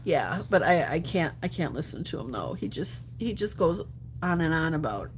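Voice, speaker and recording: Slight background noise sits under this woman's casual livestream, where she reads and answers viewer comments as a gambling streamer. Her chatty, laugh-filled talk swings between bright bursts and hushed mutters.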